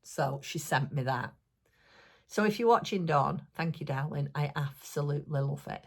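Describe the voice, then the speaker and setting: Speaking at normal speed with a low, faintly husky voice, a woman presents items on her crafting vlog. Her chatty show-and-tell feels homely and friendly, as she rambles with plenty of fillers and gets thrilled by each little thing.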